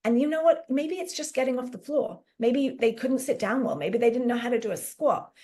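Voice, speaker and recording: A woman fitness coach talking casually in an interview, animated and full of "like" fillers, often acting out quotes. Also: fairly high pitch, fairly quick. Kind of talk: conversational interview storytelling.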